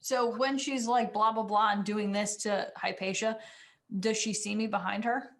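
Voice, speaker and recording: A woman's voice: medium pitch, steady tone, moderate pace. A woman playing a tabletop game, announcing her character's moves bluntly and eagerly. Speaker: player. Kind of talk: casual tabletop play.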